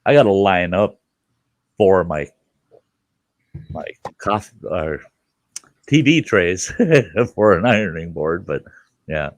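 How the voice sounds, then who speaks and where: A man's voice: low-pitched, slow, long pauses. An older man hosting a casual chat, telling a story with lots of laughter and cursing. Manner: animated, profane, laughs through his stories. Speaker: podcast host.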